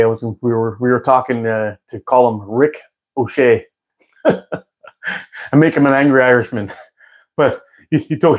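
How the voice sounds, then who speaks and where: A man hosting a live stream, chatting casually with viewers in a rambling way and laughing often. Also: mid-range voice. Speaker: live-stream host answering chat.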